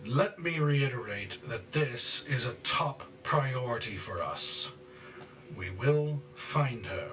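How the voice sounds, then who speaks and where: A man voicing a stern, zealous high priest and father who berates people loudly and slowly in a tabletop game. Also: roomy sound, distant mic, music in the background. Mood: angry berating. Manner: loud, slow and berating.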